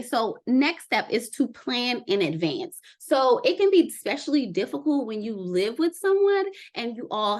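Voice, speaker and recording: A woman vlogger giving casual wellness advice to camera, chatty and lively, often checking in with "right?". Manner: conversational, often ends with "right?"; lively, quick swings in pitch and loudness.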